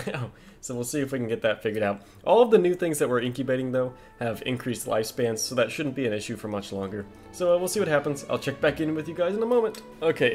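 A man hosting a casual video game commentary, excitable and jokey as he talks to his viewers. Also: medium pitch. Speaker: gaming video host.

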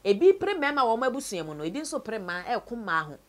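A Ghanaian woman telling a sad story from her own life, mixing Twi and English, her voice often sinking low and quiet. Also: sing-song, quick pace. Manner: tells a sad story, switches between Twi and English, voice sinks low and soft. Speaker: interviewee. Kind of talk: personal story told to camera.

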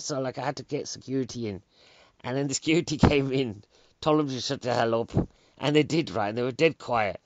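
A British comedian in a casual comedic monologue, ranting with sarcastic exasperation. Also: male voice, mid-range voice, brisk, dry recording. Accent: British English. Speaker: stand-up comedian. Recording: dull, dry lo-fi recording.

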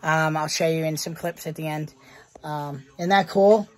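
Blunt and heavily profane, an American vlogger addresses her viewers in casual talk to camera. She has a low-pitched voice with a steady tone and speaks at a moderate pace.

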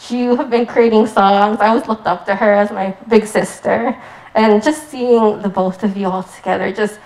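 A woman's voice: fairly high pitch, poor audio. A young woman from the United States giving a rambling, giggly wedding toast with lots of "like.". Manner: giggly, rambling, says "like" often.

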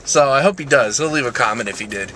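A young man vlogging from his car, rambling and giggly and excitable in casual chat. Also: medium pitch, quick pace, a little hiss or hum. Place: parked car, window down.

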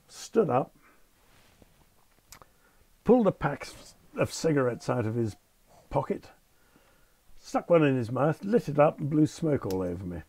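A man's voice: on the high side, a little mellow, breathy edge. An older man, a retired airline captain, telling wry, understated anecdotes in an interview. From United Kingdom. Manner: wry, understated storyteller, polite British phrasing. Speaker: retired Concorde captain, guest.

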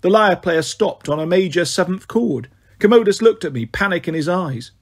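A man's voice: sits high, animated, normal speed, husky. A man narrating an audiobook in first person, telling the story expressively.

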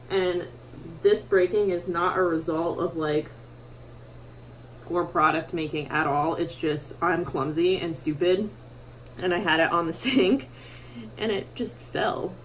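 A woman's voice: fairly low pitch, a little hiss or hum, poor audio. A young woman chatting casually through a makeup tutorial at home in her bathroom, full of fillers and self-mocking asides. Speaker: beauty vlogger.

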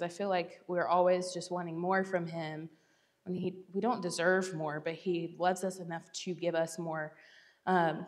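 Chatty young woman teaching. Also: lowish voice. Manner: chatty, laughs often, self-deprecating. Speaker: church speaker. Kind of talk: casual Bible teaching talk.

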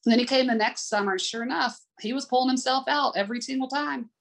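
A woman's voice: high voice, fast, creaky. Heartfelt woman swim coach telling stories. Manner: candid, heartfelt anecdotes. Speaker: adaptive sports swim coach. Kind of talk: conversational interview storytelling.

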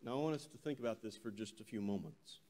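A male preacher giving a sermon, telling a scripture story with animated delivery and reading verses slowly and solemnly. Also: fairly low pitch. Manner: animated storytelling, voices quoted characters.

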